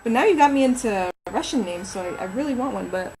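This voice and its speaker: A woman's voice: on the high side, lively intonation, quick pace, a little mellow, low-quality recording. Chatty woman thinking aloud on a livestream. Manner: chatty and rambling, reads names aloud while musing. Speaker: romance novelist livestreaming. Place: at home.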